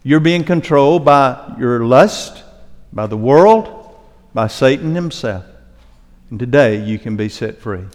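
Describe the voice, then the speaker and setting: Older preacher in an echoing sanctuary. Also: male voice, medium pitch, animated. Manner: earnest preaching, slowing for emphasis, dropping soft into prayer. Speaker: pastor. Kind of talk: sermon. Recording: long hall reverb.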